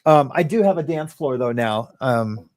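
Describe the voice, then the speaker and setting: A man's voice: mid-range voice, lively intonation, normal speed, darkish tone, dry recording. A man hosting a casual livestream from his home, chatting loosely, reading viewer comments aloud and laughing often. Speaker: host. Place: home living room. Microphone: webcam or phone in his home.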